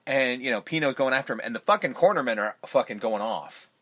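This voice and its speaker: A man's voice: medium pitch, animated, quick pace, pushed and bright, dry recording. A man co-hosting a casual film podcast, swearing freely and chiming in often. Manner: swears freely, lots of backchannel "mm-hmm". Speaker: podcast co-host.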